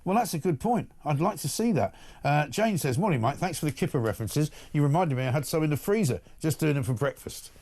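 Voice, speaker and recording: A man's voice: fairly high pitch, animated, fairly quick, hardly any pauses, darkish tone. A male morning talk-show host who reads out listener messages and gives blunt, indignant opinions.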